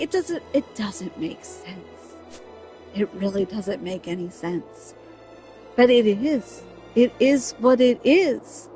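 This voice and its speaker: A woman streaming a game, talking casually and venting in an exasperated, emphatic way that keeps circling back to the same point. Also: a little high. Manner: exasperated, emphatic, repeats herself. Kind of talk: casual venting chat over gameplay.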